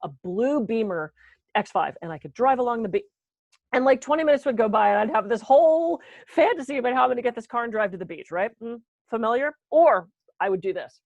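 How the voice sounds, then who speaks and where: A woman from the US East Coast giving a conference talk on stress, talking fast and poking fun at herself. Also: on the high side, expressive, vocal fry, a little mellow, dry recording, dull audio. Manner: fast-talking, self-deprecating, acts out her inner voice. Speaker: wellness speaker. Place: conference room.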